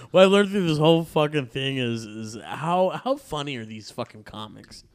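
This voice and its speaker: A man's voice: a little high, animated, unhurried. Profane rambling man telling a story. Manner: profane, rambling, laughs often. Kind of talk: casual chat, storytelling. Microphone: live-streamed podcast mic.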